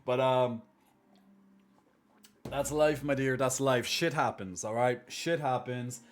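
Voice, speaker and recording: A man's voice: medium pitch, slow pace, slight background noise. Chatty male streamer reading chat. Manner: chatty and reassuring, thanks subscribers warmly. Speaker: live streamer. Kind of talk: casual chat reading viewer messages.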